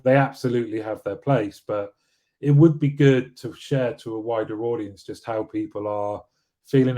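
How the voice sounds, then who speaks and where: A man's voice: lowish voice, warm tone. A man hosting a weekly live show, chatting casually and rambling, with frequent restarts and fillers. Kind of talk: casual live-stream talk, reading viewer comments.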